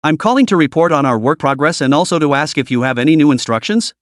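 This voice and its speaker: A man's voice: fairly high pitch, animated, fast, dry recording, close to an everyday voice. A man voicing a flirtatious, scheming female deputy manager with a teasing inflection, read in a dry recording.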